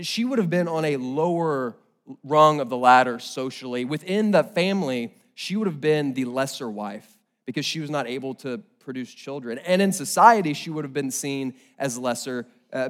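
Young male pastor, expressive sermon storyteller, voice sits a bit high. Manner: animated storytelling with acted-out quotes.

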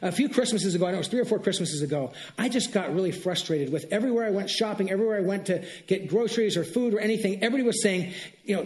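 A middle-aged male pastor preaching a sermon, telling stories in an animated way and laughing. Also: sits high, racing. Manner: animated storytelling, exclaims and laughs.

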